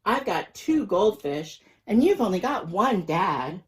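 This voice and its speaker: A man voicing a stubborn little boy who drives a hard bargain, with flat, dismissive replies in a storybook reading. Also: high voice, slow, heavily acted.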